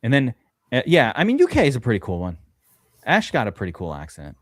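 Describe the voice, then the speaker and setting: A man's voice: medium pitch, huge pitch swings, brisk, dry recording. A man hosting a live stream from his studio, chatting casually and rambling off topic while he gets distracted. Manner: rambling and easily distracted, jumps between topics. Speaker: host. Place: upstairs studio.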